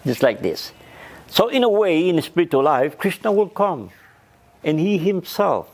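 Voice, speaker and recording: A man, a spiritual teacher, recounting stories in a lively talk with loose grammar and many fillers. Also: vocal fry, husky. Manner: lively retelling, shifts pitch up for quoted speakers. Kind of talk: storytelling talk.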